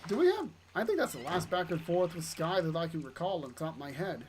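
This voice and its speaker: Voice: medium pitch, brisk, slight background noise. Wry, offhand game streamer. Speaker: let's play streamer. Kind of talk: casual gameplay commentary.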